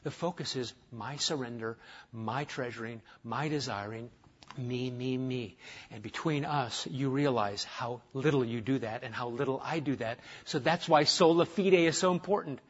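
A man preaching a sermon as pastor, passionately stressing points and then dropping to a hushed tone for prayer. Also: mid-range voice, normal speed, slightly rough, lo-fi sound. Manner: impassioned, swinging from loud emphasis to hushed, intimate prayer. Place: church.

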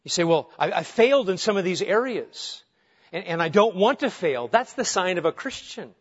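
A man's voice: high-pitched, expressive, moderate pace, slightly rough. A male pastor preaching an earnest, emphatic sermon, asking his listeners rhetorical questions. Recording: dull lo-fi sound.

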